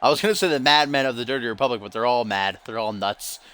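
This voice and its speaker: A man's voice: medium pitch, quick pace, fairly bright tone. A young man streaming, doing play-by-play commentary on a video game match and joking back and forth with his chat. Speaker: livestream commentator.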